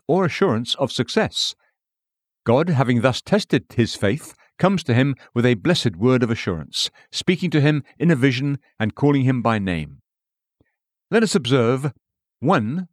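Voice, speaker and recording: A man giving a scripted devotional reading, measured, slowing and lifting his voice for quoted scripture. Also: mid-range voice, no echo, studio quality. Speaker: devotional reader.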